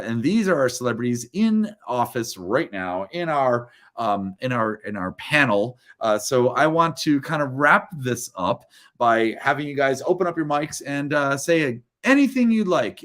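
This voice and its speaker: A man's voice: medium pitch, very animated, a little slow, a bit bright. A man hosting a book launch on a video call, upbeat and chatty, laughing often between remarks. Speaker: host of a book launch livestream. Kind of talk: casual livestream hosting.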